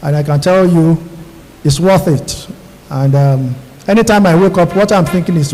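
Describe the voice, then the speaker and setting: A middle-aged Nigerian radiologist addresses a room of new doctors, telling his stories earnestly and speaking straight to them. His voice sits high for a man. The sound carries a long echo from a big auditorium. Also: moderate pace, darkish tone, soft background music. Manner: earnest, storytelling, addresses audience directly. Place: large university auditorium. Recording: long hall reverb.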